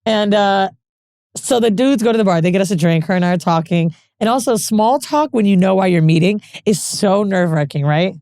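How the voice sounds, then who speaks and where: A woman co-hosting a podcast, telling a frank, profane story with animated quoted dialogue. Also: medium pitch, fairly quick, no room sound, studio quality. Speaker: podcast co-host. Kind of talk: casual storytelling chat.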